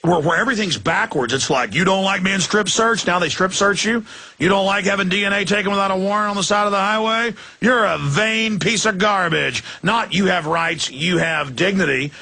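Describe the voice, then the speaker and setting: A man hosting a call-in talk radio show, ranting fast and sarcastically, middle-aged. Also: sits high, sharp tone.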